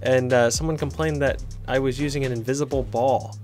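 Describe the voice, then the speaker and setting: Excitable man doing game commentary. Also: medium pitch, fairly quick, soft background music. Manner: excitable, chatty, cheers on players. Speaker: gaming YouTuber. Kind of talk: casual gameplay commentary.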